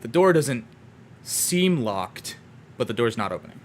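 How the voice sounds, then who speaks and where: A man's voice: mid-range voice, sing-song, a little slow. A man narrating a tabletop game as game master, in a loose, rambling way full of fillers.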